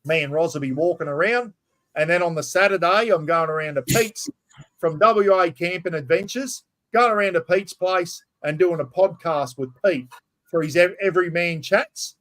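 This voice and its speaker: A middle-aged Australian man whose voice sits a little higher than most men's. He hosts a casual live stream in a blunt, easygoing way, swearing freely and calling his viewers mate. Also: moderate pace, fairly bright tone. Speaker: livestream host.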